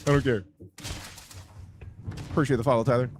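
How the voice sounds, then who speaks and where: A man's voice: mid-range voice, very animated, fairly quick, noisy background. A young adult man streaming a game live, chatting casually, with profane, joking commentary and sudden sing-song bursts. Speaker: gaming streamer.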